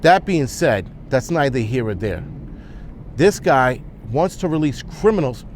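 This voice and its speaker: A man's voice: medium pitch, big pitch swings, a little slow, slight background noise. A man ranting as a vlogger, blunt and heated, swearing often. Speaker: prepper vlogger. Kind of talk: angry opinion rant.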